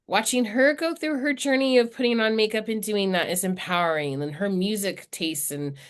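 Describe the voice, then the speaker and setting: A woman's voice: mid-range voice, normal speed, clean tone. A woman in her thirties, a podcast guest talking candidly and swearing freely in casual chat.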